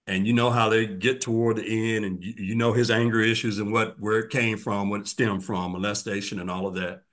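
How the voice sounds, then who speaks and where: A man in his sixties, a guest in an interview, telling his story earnestly and reflectively, often dropping to a soft, quiet voice. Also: lowish voice, steady tone, brisk. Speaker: guest, formerly incarcerated man.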